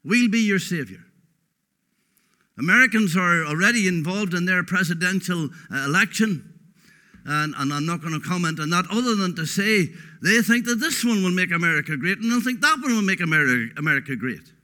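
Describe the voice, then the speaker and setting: A man's voice: high voice, animated, brisk, bright, forceful tone. A man preaching a sermon, emphatic and folksy, repeating words for stress.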